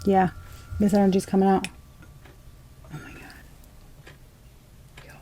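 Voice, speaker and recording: A woman's voice: medium pitch, monotone, unhurried, warm tone, slight background noise. A young woman giving a casual tarot reading, rambling and swearing in amazed disbelief. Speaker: tarot reader.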